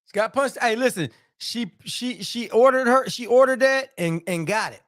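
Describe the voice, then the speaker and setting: High-pitched guy hosting a live stream, slangy and loose, just chatting with the viewers. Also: moderate pace, a bit bright. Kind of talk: casual live-stream chat.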